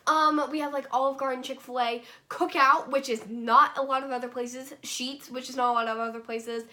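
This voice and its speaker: A woman's voice: high-pitched, fairly even intonation, normal speed, pushed and bright. A young woman from North Carolina talking casually to the camera in a rambling, filler-heavy vlog. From North Carolina, USA. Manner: chatty, rambling, filler-heavy with frequent likes and okays. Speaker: vlogger.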